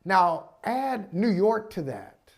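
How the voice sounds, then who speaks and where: A man with a notably high voice for a male speaker hosts a casual sports talk show. He argues animatedly and circles back over his phrases as he builds up a point. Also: very animated, slow.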